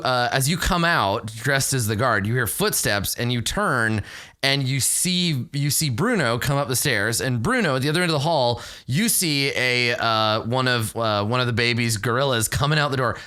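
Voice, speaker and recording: Rambling game master, bright voice. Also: male voice, medium pitch, smooth. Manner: loose, rambling scene-setting with many fillers. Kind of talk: narrating a tabletop game.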